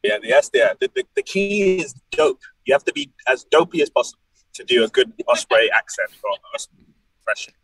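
A man's voice: mid-range voice, fairly quick, breathy edge, no echo, rough recording. A man, a wrestler chatting as a guest and telling jokey stories. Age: late 20s. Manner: animated, jokey storyteller. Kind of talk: casual podcast chat.

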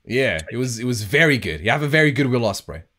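Lively, playful male podcast host. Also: mid-range voice, fast talker. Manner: playful, teasing interviewer. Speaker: podcast host and wrestling trainer. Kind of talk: casual podcast chat.

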